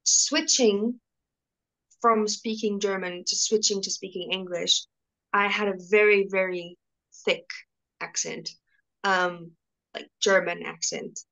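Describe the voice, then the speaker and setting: A woman's voice: mid-range voice, steady tone, slow pace, long pauses, sharp tone, poor audio. Young woman, casual call guest, hesitant, restarts often. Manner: hesitant, many restarts and fillers. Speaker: interview guest. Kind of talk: casual video-call conversation.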